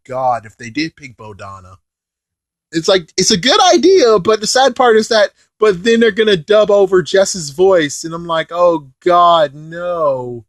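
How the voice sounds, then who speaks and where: A man giving a casual, rambling review of a show, excitable, with mild swearing and filler phrases. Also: on the high side, dry recording, studio quality. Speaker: video reviewer.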